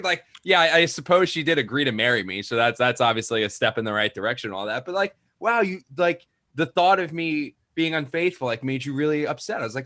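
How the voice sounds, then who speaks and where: A man's voice: on the high side, animated, fast, few pauses, pushed and bright, dry recording. A young man co-hosting a sports podcast over a video call, rambling casually with frequent laughs and repeated words. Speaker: podcast co-host, sports writer. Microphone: remote video call.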